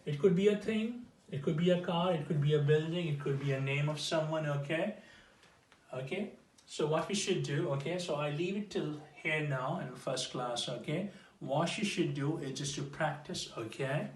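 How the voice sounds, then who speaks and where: A man teaching an informal English grammar lesson, explaining slowly and repeating himself, checking in with "okay?" after nearly every phrase. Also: a little high, far from the mic. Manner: slow, repetitive explaining with restarts. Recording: echoey room, voice off-mic.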